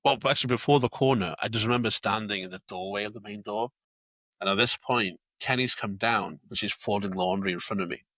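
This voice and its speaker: Male podcast co-host, low and bright, an animated, sweary storyteller. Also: a little fast, no echo. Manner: animated storyteller, swears freely, many fillers. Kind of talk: casual storytelling chat.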